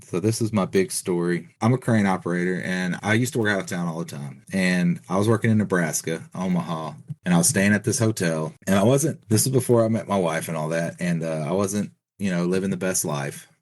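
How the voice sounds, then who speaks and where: A middle-aged man speaks in a very low, deep voice. He tells a long personal story in a loose, rambling way, with lots of "you know" and "like." He sounds like an easygoing podcast guest. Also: brisk, few pauses. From Texas. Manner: rambling, filler-heavy retelling with many "you know" and "like". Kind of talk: casual storytelling.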